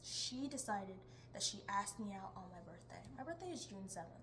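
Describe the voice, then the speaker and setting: With lively intonation and a medium pitch, a young woman in her teens speaks fairly quickly over background noise. She rambles through her vlog, switching topics and laughing often.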